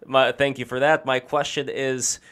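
A man hosting a live-streamed talk show, reading promotions and asking long, measured questions. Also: mid-range voice, flat delivery, a bit bright, smooth. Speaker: podcast host.

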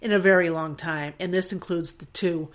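A woman's voice: fairly low pitch, fairly even intonation, moderate pace. An emotional woman in her forties hosts a podcast in a casual, reflective monologue. She speaks earnestly and circles back on her thoughts, often restarting her sentences. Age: 40s. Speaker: podcast host.

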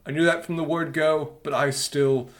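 Male co-host, casual chat, raised pitch, quick jokes, frequent stammered restarts. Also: steady tone. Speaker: podcast co-host.

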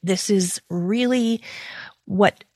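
A woman hosting a podcast interview, enthusiastic and quick to laugh. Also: medium pitch, darkish tone, no echo. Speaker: podcast host. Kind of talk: casual interview chat.

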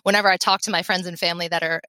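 A lively woman in her thirties from the Philadelphia area tells her career story as a podcast guest. Her voice sits slightly low, and she laughs easily. The sound is close and dry. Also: rapid-fire, no room sound. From Philadelphia area, USA. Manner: upbeat, energetic, laughs often. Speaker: podcast guest, veterinary technician. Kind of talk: conversational interview.

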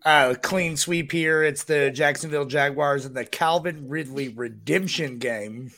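A male panelist giving brisk, confident picks. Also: fairly high pitch, sharp tone.

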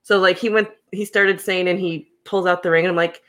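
A young woman hosting a podcast, telling personal stories in a casual, animated way and laughing often. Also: on the low side, brisk. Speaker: podcast host. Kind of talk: casual storytelling chat.

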